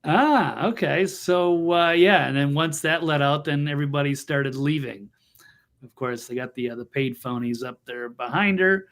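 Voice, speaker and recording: A man's voice: on the high side, normal speed, a bit bright. A man co-hosting a casual political talk show, blunt and scornful in his remarks over a video call. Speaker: co-host.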